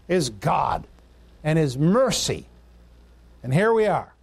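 High-voiced preacher building repetitive lists. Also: male voice, expressive, unhurried, pauses often, a little mellow. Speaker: pastor. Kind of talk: sermon.

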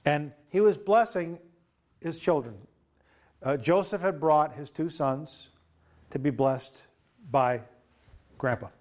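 Animated, conversational male preacher. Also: fairly high pitch, takes it slowly, pauses often. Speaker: pastor. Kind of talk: informal sermon.

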